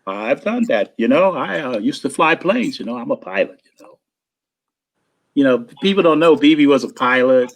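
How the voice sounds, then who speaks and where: A man telling lively stories in casual chat, imitating drum sounds and voices and laughing often. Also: medium pitch, moderate pace. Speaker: guest drummer telling stories.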